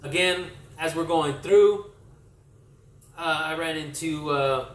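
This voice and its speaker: A man from California telling a casual vlog recap, rambling and correcting himself, his voice slightly worn from yelling. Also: a little high, takes it slowly. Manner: rambling, self-correcting storyteller. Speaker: comic book vlogger. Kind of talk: casual recap talk to camera. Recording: echoey room.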